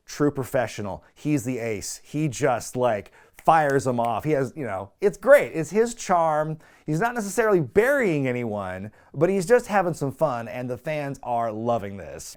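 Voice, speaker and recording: A man hosts a casual recap show in an animated, conversational voice. He laughs often and keeps switching into quick quoted voices. His pitch sits in an ordinary middle range for a man. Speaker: wrestling recap podcast host.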